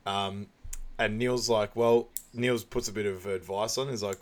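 A man with a fairly low voice talks through a film scene by scene in relaxed podcast chat. He laughs often and pushes his voice up high when he acts out quotes. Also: a little slow. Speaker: podcast co-host. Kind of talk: casual film recap chat.

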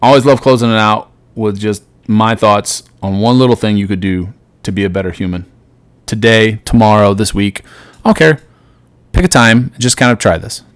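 A middle-aged man hosting a solo podcast, giving an earnest motivational talk that swings between loud and soft. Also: on the low side, normal speed, no room sound. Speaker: podcast host.

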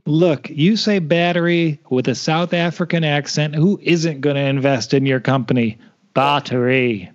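A man with a somewhat high voice trades jabs in a casual podcast, teasing and refusing to budge. The recording sounds dull and lo-fi. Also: moderate pace, few pauses. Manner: stubborn, teasing. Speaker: podcast co-host. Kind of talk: casual debate chat.

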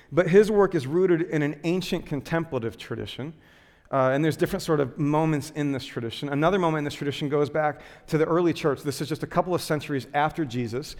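A man giving a sermon, telling a self-deprecating personal story in a lively way with lots of filler words before turning to teaching. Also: on the high side, long reverb tail. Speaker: pastor.

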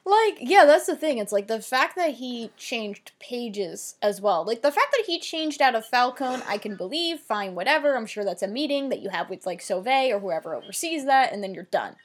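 Animated, swearing woman recapping TV. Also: fairly high pitch, normal speed, few pauses. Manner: animated, swears, lots of "like" fillers. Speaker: podcast co-host. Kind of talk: casual TV recap chat.

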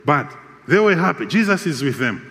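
A man preaching a sermon with a measured, emphatic delivery and repeated phrases. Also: a little high, big pitch swings, fairly bright tone, long reverb tail.

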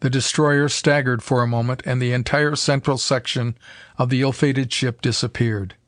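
A man narrating an old adventure story in a steady, measured reading voice. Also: mid-range voice, no echo, clean studio sound. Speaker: audiobook narrator. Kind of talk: scripted narration.

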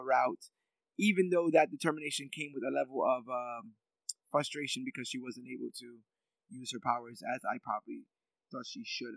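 A man's voice: mid-range voice, vocal fry, no echo, poor audio. A man co-hosting a casual chat reviewing a TV series, talking in a thoughtful, reflective way with many filler ums. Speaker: podcast co-host.

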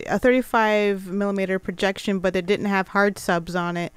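A woman's voice: mid-range voice, fairly even intonation, normal speed, smooth, dry recording. A woman in casual podcast chat, talking in a matter-of-fact way and giving details.

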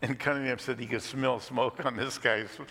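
A male pastor telling a sermon story with a gravelly, bright edge to his voice. He chuckles between lines, and a long reverb rings around him as if he were in a big hall. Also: medium pitch, steady tone, a little fast.

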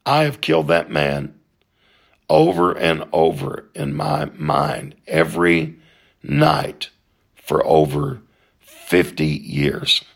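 A man voicing a frail, remorseful dying old man in a low, quiet and halting voice. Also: very animated, gravelly, full character voice. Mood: remorseful, tearful.

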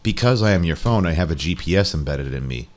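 A man voicing a calm, matter-of-fact talking smartphone in a slow, lowered, quiet delivery. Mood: deadpan.

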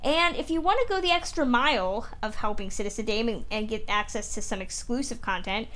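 A woman with a high, light voice hosts a podcast in a loose, conversational style. She talks easily and often stops on filler words like "um.". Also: a little fast. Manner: relaxed, filler-heavy with frequent ums. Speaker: podcast host. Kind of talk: casual podcast chat.

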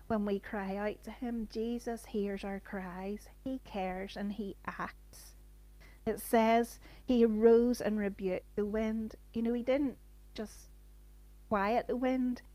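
A woman preaches an informal sermon, reading scripture and then explaining it earnestly and conversationally, sprinkling in plenty of "you know." Her voice is medium in pitch and mellow.

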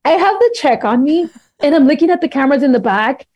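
Dull audio captures this thirty-something podcast guest, whose voice sits high and moves at a quick pace. Chatting casually, she spins a lively story, performing others' lines and laughing frequently.

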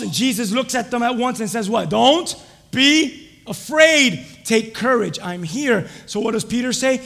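A young adult man preaching a sermon, quizzing the congregation with fill-in-the-blank questions and rising to shouts. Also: extremely high pitch, lively intonation, normal speed, creaky, in a large hall. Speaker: pastor.

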